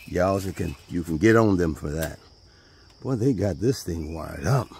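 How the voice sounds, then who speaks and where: A low, gravelly, slightly mellow male voice, animated but a little slow, gives a folksy, conversational walking video tour of his land beside a pond in Southern US speech. Faint outdoor noise carries the sound of birds and insects.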